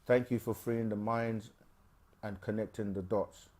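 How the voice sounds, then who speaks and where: A man hosting a live question-and-answer stream, explaining things in a loose, unhurried way with plenty of fillers. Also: on the low side, fairly even intonation, a little mellow. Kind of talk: casual explanatory talk.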